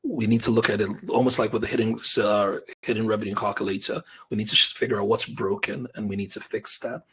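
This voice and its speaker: Male business coach, lower voice, very husky, fired-up and chatty webinar host. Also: quick pace. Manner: energetic, conversational, talks directly to viewers with slang like bro and fam. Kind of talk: live webinar pitch.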